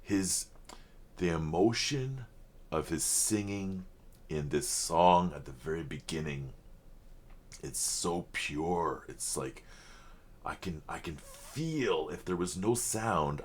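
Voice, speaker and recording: A man's voice: rumbling low, husky. A man hosting a reaction video, talking casually in a rambling, apologetic and earnest way at his home computer setup.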